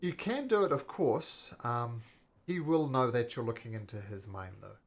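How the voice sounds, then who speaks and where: A man's voice: medium pitch, animated, moderate pace. Man running a tabletop game. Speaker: game master.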